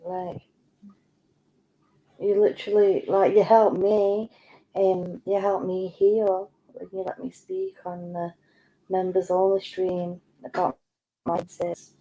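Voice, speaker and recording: Woman, livestream guest, low mellow voice, slow and reassuring. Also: flat delivery, highs cut off. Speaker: community member on a livestream. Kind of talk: supportive casual chat.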